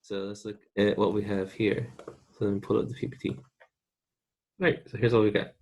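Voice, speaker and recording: A man from the United States teaching a recorded online Spanish lesson, patiently repeating words slowly for students to practice. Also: lowish voice, flat delivery, darkish tone, lo-fi sound.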